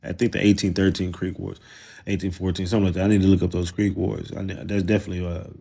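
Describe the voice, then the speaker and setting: A man's voice: sits low, little pitch movement, fast, gravelly, warm tone. A man with a Southern US accent, hosting a loose, mocking, profane livestream and talking casually. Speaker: livestream host.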